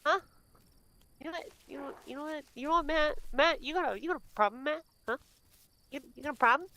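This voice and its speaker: A woman's voice: high voice, fairly quick, sharp tone, rough recording. A woman streaming a game in casual chat, teasing and swearing a lot.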